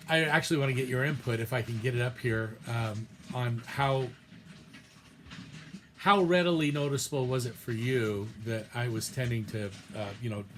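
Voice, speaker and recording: Guy giving a laid-back lecture on preaching, lots of ums and restarts, mid-pitched voice. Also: noisy background. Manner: loose and hesitant, with many fillers and restarts; reads short quotes aloud from a text. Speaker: preaching instructor. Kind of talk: casual recorded lecture.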